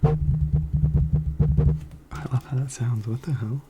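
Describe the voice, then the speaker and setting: A young man from the United States rambling in soft-spoken ASMR, meandering with many fillers. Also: mid-range voice, steady tone, slow pace, heavy background noise. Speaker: ASMR creator.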